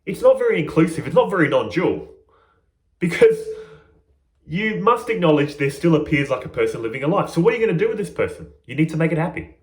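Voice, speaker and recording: A man's voice: fairly high pitch, sing-song, fast, reverberant. A man giving an informal, earnest spiritual lesson to his viewers in a conversational way. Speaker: spiritual teacher.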